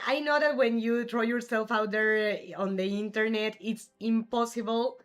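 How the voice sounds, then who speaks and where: A woman live-streams a game and chats casually, answering messages from her viewers in an easygoing way. Her pitch sits in a middling range, and a bit of game music plays softly behind her. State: has the hiccups. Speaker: livestream gamer host.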